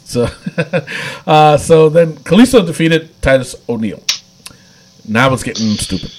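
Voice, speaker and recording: A man's voice: fairly high pitch, lively intonation, a little slow, noisy background. A man casually recapping wrestling episodes on a podcast, rambling with lots of fillers and frequent laughs. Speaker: podcast co-host.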